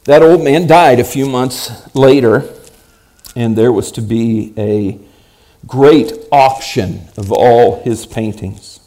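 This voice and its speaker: Man preaching a dramatic sermon story. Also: mid-range voice. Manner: dramatic, rising to loud emphasis.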